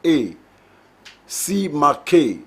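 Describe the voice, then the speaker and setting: A man lectures on literature in a slow, measured way, reading each term and example with care. His voice is husky and sits a little high for a man, and he never hurries. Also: very animated, fairly bright tone.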